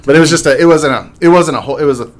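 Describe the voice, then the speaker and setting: A man's voice: on the high side, rapid-fire. A man in his thirties, a guest on a casual podcast, telling stories and laughing as he quotes his neighbors. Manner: laughs through stories, lively quoting of neighbors. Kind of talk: casual storytelling chat. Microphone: podcast mic at a table.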